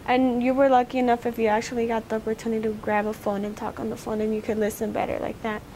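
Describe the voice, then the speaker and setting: Recorded with slight hiss or hum, a teenage girl shares a personal memory in an oral history interview, speaking haltingly. Her voice is fairly high and flat, barely rising or falling.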